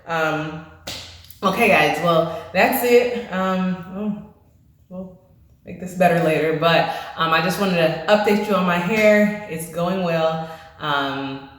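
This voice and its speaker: A woman's voice: on the low side, slow pace. A woman vlogging about her hair in a chatty, conversational way, a little out of breath. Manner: chatty and conversational, full of fillers. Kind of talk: casual chat. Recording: very echoey room, faint music.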